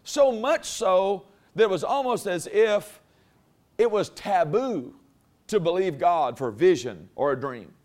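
A man's voice: sits high, animated, measured pace, a little mellow. A man preaching a sermon to a congregation in a folksy, conversational way that builds in force. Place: church before a congregation.

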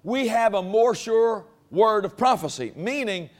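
A man's voice: high-pitched, lively intonation, unhurried. A man preaching a sermon to a congregation in a folksy, conversational way that builds in force. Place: church before a congregation.

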